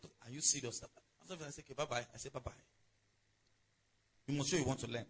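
A man's voice: mid-range voice, fairly quick, pauses often, a little hiss or hum, poor audio. A man preaching a sermon in a conversational way, calling on the congregation to respond. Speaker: pastor.

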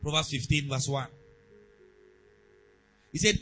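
A pastor preaching a sermon, moving between quiet asides and loud, emphatic exhortation. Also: male voice, high-pitched, big pitch swings, moderate pace, husky, soft background music, poor audio.

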